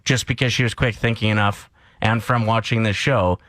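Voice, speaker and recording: A man's voice: fairly low pitch, moderate pace, very noisy. A man from Canada co-hosting a morning radio show, ranting and telling stories in casual chat. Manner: animated, ranting and storytelling.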